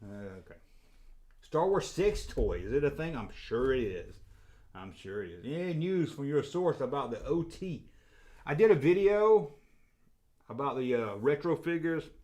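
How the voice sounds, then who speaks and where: A middle-aged man with a Southern accent chatting casually on a livestream, reading viewer comments in a rambling, jokey way and getting loudly excited. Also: mid-range voice, unhurried. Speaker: toy collector channel host.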